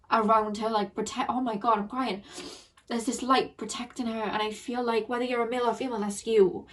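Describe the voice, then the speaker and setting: A woman's voice: on the high side, far from the mic. A woman giving an emotional, earnest tarot reading to her viewers, repeating phrases and getting teary. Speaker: tarot card reader.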